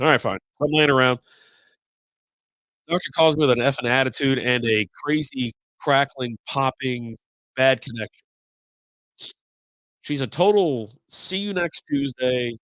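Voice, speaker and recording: Host, male, 40s, stuffy with a sinus cold; rambling, fed-up rant, mid pitch, dry close-mic sound. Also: animated, fairly quick, fairly bright tone, no echo, rough recording. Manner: rambling and exasperated, acts out both sides of conversations. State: congested from sinus infection. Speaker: podcast host. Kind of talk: casual live-stream rant.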